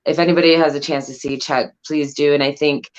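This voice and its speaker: A woman host with a notably low voice leads a relaxed interview. She asks loose, filler-heavy questions. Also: brisk, lo-fi sound. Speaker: podcast host. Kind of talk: casual interview chat.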